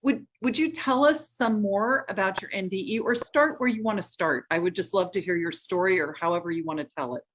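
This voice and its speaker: A woman's voice: mid-range voice, fairly quick, hardly any pauses, a little hiss or hum. A woman hosting a podcast interview over a remote call, chatty, laughing often and making self-deprecating asides. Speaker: podcast host. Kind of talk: casual interview chat.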